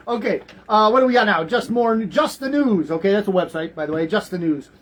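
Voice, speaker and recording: A man's voice: high-pitched, animated, normal speed, rough recording. A man hosting a talk radio show, rambling through the news in casual commentary, often repeating words.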